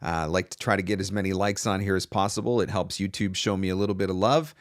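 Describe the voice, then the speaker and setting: A man with a fairly low voice talks through a live advice stream, loose and conversational, often restarting his sentences. The sound is dry and close, with no room around it. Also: fairly even intonation, fast talker, no echo. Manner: chatty, loose, with fillers and restarts. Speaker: voice over business coach hosting a live Q&A.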